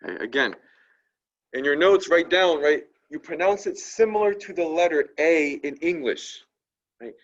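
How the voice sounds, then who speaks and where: A man teaching a French lesson, constantly checking in with "right?" and slowly repeating French words for students to copy. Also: fairly high pitch, animated. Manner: tags sentences with a questioning "right?". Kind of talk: classroom lesson. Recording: dull lo-fi recording.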